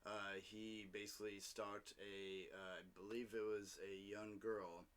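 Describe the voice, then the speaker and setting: A man co-hosting a casual podcast chat, quick to agree and often halting with uhs. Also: on the low side, level tone, a bit bright, clean tone. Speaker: podcast co-host.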